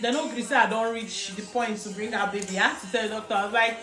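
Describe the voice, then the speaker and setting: A Nigerian woman telling a personal story in casual, animated talk, laughing often and mixing in pidgin. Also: mid-range voice, fast talker. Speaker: vlogger. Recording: echoey room with music behind.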